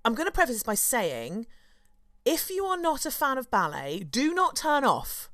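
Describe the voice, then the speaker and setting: A woman's voice: high voice, huge pitch swings, normal speed, a bit bright, no room sound, studio quality. A woman in her thirties hosting a podcast, telling a story in a chatty, enthusiastic way with many fillers. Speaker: podcast host. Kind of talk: casual chat.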